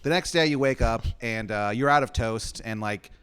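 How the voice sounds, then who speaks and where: A man running a comedic improvised story game in a rambling, deadpan way, swearing casually. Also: medium pitch, normal speed, smooth. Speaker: game master.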